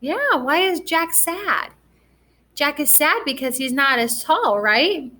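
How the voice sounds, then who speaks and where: In a recorded lesson, a woman reads with a first grade class, animated and slow, her voice pitched high. She's gentle throughout and prompts the children with supportive questions.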